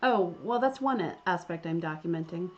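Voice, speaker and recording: A woman's voice: fairly low pitch, animated, moderate pace, lo-fi sound, lightly acted. A woman voicing a polite, fussy young British male botanist with a British accent, formal, earnest and stammering, in a game.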